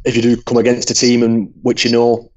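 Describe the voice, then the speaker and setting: A man, a guest expert on a game stream, giving measured opinions and repeating his points. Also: mid-range voice, completely flat delivery, a little mellow, highs cut off. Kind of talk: casual group chat on a call.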